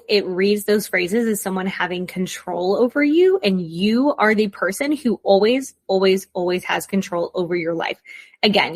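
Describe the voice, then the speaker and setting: A young woman talks straight to her listeners in a relaxed advice monologue. She is conversational and encouraging, tossing in quick asides. Her voice sits in a middle pitch. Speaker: podcast host, coach.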